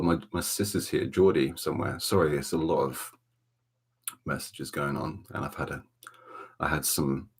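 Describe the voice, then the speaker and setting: In a dark room at home, a Welsh-accented man hosts a relaxed ASMR livestream, chatting softly and greeting viewers by name. His very deep voice carries vocal fry and a breathy edge.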